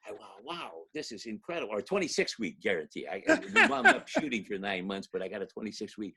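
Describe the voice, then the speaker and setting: Older male actor, husky low voice, animated anecdote teller. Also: fast talker, few pauses. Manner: animated storyteller, acts out quotes, laughs often. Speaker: actor guest. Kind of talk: anecdotal storytelling.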